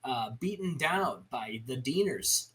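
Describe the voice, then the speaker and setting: A man's voice: mid-range voice, animated, slow pace, a bit bright, slightly rough, poor audio. A man co-hosting a gaming commentary and recapping wrestling matches in a hype style. He often opens with "listen" and stumbles over names.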